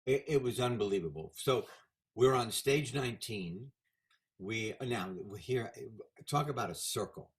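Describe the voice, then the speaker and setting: A man's voice: mid-range voice, unhurried. Older man telling stories. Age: 70s. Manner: animated anecdotal storyteller. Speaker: guest. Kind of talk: casual storytelling interview.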